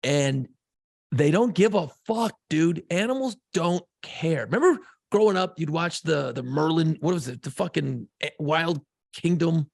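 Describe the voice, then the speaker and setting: Podcast guy with a gravelly raspy voice, cussing a lot, all worked up telling a story. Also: a little high, a little slow, dry recording, clean studio sound. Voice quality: gravelly, husky voice. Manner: profane, excitable storytelling. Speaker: podcast co-host. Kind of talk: casual podcast chat.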